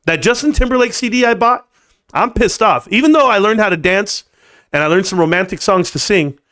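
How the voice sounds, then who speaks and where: A man in his forties hosting a live stream, ranting sarcastically and swearing freely in a casual, animated way. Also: high-pitched, brisk.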